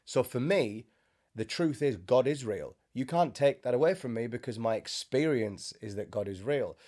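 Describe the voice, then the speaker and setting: A man's voice: medium pitch, animated, moderate pace, warm tone. A man giving an informal spiritual teaching to camera, conversational with joking asides, seated indoors. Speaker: Christian speaker. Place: indoors, sitting before a bright camera.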